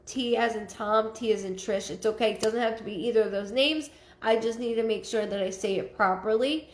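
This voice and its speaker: Lady psychic medium doing a live reading, kinda high voice, lots of ums and restarts, echoey room. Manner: halting, filler-heavy, relays spirit messages.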